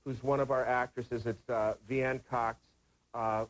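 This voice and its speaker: A man's voice: medium pitch, flat delivery, unhurried, low-quality recording. A man, an actor appearing as a talk show guest, tells rambling, enthusiastic anecdotes about his family and the theater. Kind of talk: casual chat. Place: television studio. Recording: old broadcast recording.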